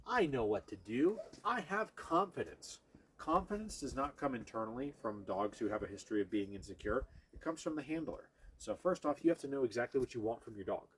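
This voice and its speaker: A man's voice: medium pitch, lively intonation, fast talker, a little hiss or hum. A man teaching dog training, explaining each step to viewers while he works with a dog and breaks off now and then to praise or coax it. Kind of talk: hands-on training demonstration.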